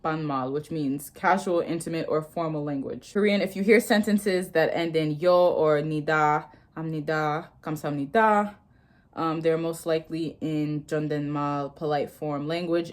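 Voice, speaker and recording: A woman's voice: sits low, normal speed. A young woman in her twenties from the United States, chatting casually and reading a lesson aloud while learning a language, swearing freely and laughing often. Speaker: vlogger learning Korean. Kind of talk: casual study vlog.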